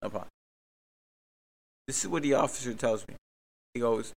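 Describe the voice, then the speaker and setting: A young man from hosts a casual podcast. His storytelling is excitable and full of swearing, and he acts out every exchange as he retells it. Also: mid-range voice, normal speed, creaky. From Miami, Florida. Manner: profane, excitable, acts out the dialogue. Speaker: podcast host. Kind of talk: animated storytelling.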